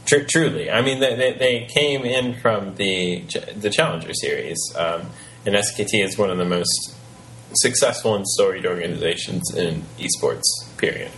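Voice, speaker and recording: A man's voice: deep voice, normal speed, fairly bright tone, a little hiss or hum, rough recording. A man co-hosting an esports podcast, talking playfully and hesitantly. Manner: playful, hesitant, with restarts and laughs. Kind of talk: casual podcast chat.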